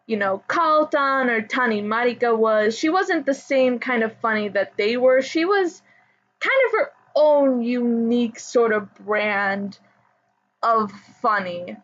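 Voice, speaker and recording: Chatty woman with a raised voice, lo-fi. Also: a little high. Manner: rambling, with frequent fillers and soft laughs. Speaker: idol fan commentator. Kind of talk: casual chat. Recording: dull lo-fi audio.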